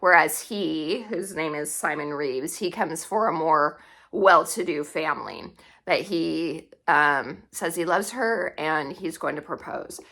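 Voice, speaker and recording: A woman hosting a book vlog, chatting in a casual, rambling way and stopping to search for names. Her voice sits a little low but sounds bright and forward. She takes her time, drawing out her phrases. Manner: chatty, pauses to recall names, frequent um and laughs. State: tearing up. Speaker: book channel host.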